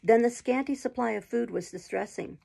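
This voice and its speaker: A woman reading a classic novel aloud as an audiobook narrator, in steady, measured storytelling with occasional stumbles. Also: a little high, creaky, breathy edge.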